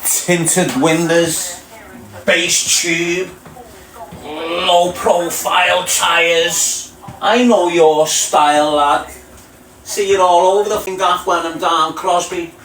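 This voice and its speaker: A man's voice: high-pitched, fairly even intonation, takes it slowly, fairly bright tone, slight background noise. A man with a Liverpool accent hosting a casual livestream, reading out viewer names and mocking them with taunting street banter. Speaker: livestream host reading chat. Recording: echoey room, far from mic.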